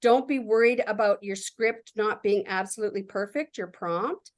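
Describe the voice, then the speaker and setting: A woman's voice: medium pitch, moderate pace. A woman giving a casual workshop walkthrough, reading her prompts aloud and talking about the results with enthusiasm. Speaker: workshop presenter.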